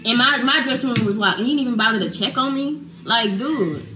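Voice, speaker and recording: A woman's voice: on the high side, expressive, a little fast, reverberant, a crowd in the background. A young woman speaking frankly and a bit exasperated about family favoritism. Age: young adult. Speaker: guest, the speaker's daughter.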